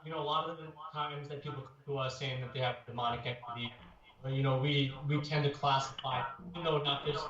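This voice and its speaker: Distant man in a very echoey room. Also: on the high side. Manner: hesitant, loose recollection. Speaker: paranormal investigator guest. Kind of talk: casual radio interview. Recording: distant, very echoey, muffled, crowd noise.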